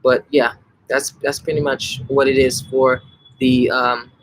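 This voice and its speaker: A young man, casually answering viewer questions live, emphatic and animated, often restarting his sentences. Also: mid-range voice, unhurried, slight background noise, low-quality recording. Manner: animated, emphatic, frequent self-corrections and "like". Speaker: language-learning channel host answering viewer questions.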